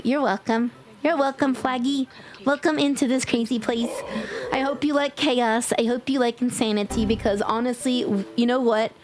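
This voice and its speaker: A woman streaming a game live, talking loudly and playfully to her chat, teasing and swearing. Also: high voice, a little hiss or hum.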